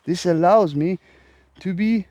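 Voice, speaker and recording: A man's voice: high-pitched, a little slow, warm tone, dry recording, lo-fi sound. A man who hosts a self-help vlog, delivering a profane, exasperated ranting monologue. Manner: profane, emphatic, exasperated rant.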